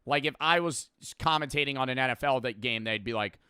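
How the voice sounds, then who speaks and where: Bright, profane streamer man. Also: medium pitch, a little fast, clean tone, no echo, studio quality. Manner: rambling, profane, offhand. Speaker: streamer reacting to a video. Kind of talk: casual reaction commentary.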